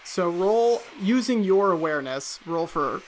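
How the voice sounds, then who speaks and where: A man's voice: high voice, lively intonation, a crowd in the background. A man running a tabletop game, narrating casually with many fillers. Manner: casual, halting, with frequent fillers. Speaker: game master.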